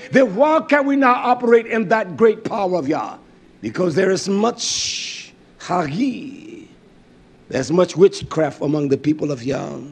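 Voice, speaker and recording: A man preaching a fervent sermon, reading scripture with lots of fillers and hallelujahs. His voice sits high and carries a gravelly, husky edge. He swings between loud declarations and low mutters. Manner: reads scripture aloud with many fillers and hallelujahs.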